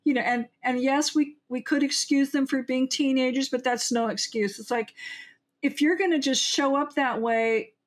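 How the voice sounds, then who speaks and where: An older woman, a guest author on a podcast, telling rambling stories with quoted asides in casual conversation. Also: sits high.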